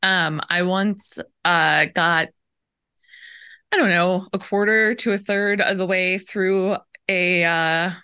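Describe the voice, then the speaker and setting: Bright-voiced woman in casual podcast chat. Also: lowish voice, fairly even intonation, smooth. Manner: conversational, quick short reactions. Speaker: podcast co-host.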